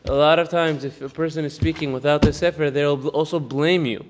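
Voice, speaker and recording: Long reverb and some background noise surround a man whose slightly high voice stays fairly even. He's a Torah teacher in an informal class, rattling off Hebrew text and then laughing his way through an English explanation.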